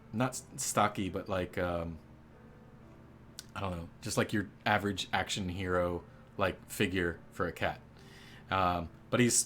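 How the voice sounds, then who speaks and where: Man, game master narrating a tabletop session, low pitch, hesitant and rambling. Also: a bit bright. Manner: rambling, hesitant, many fillers.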